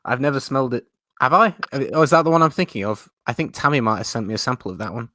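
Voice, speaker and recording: A man's voice: mid-range voice, fast, bright, forceful tone, no echo, clean studio sound. A man hosting a live stream chat, talking in a chatty, self-mocking way and laughing often. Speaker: host.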